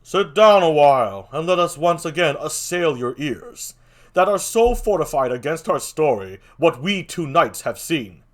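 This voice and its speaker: A man voicing a jumpy young male castle sentry, declaiming old verse loudly. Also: on the high side, expressive, measured pace. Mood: alarmed. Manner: loud, sharp, raised declamation.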